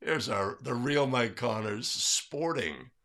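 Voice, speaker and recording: Upbeat bright-voiced man hosting a livestream. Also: mid-range voice, lively intonation, takes it slowly, creaky. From California. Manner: upbeat, greets chat viewers by name. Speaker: livestream host. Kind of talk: casual livestream chat.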